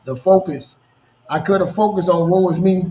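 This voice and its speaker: A man in his thirties telling personal stories in a casual podcast conversation, animated and full of restarts. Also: high voice, normal speed. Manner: storytelling, animated, repeats words and restarts. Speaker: podcast co-host. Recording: roomy, dull lo-fi sound.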